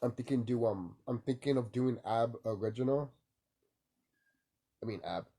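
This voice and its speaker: Young male vlogger, early-morning ramble, dark husky tone, casual cursing. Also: medium pitch, normal speed. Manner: loose, rambling, lots of fillers and profanity. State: sleepy, woken early.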